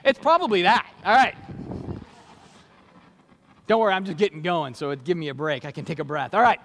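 A man preaching a sermon as a pastor, energetic and conversational, with jokey asides to the congregation. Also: sits high, fairly quick, in a large hall.

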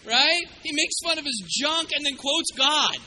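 A man preaching a sermon, retelling a Bible story in a lively, joking way and acting out the quotes with sudden loud bursts. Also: very high-pitched, measured pace, a little hiss or hum, rough recording. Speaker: pastor.

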